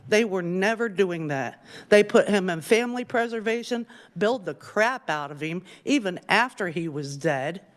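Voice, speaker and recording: A woman testifying before lawmakers as a bereaved parent, grieving and angry, hitting her words slowly and with weight. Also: fairly low pitch. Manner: grieving and angry, slow emphatic stresses. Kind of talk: public testimony.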